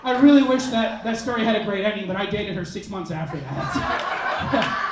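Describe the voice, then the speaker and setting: A man doing a stand-up comedy set in a club, telling a crude story in an animated way and shouting his punchlines. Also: high-pitched, moderate pace, noisy background. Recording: roomy club sound, mic heard from a distance, crowd laughing. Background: audience laughter.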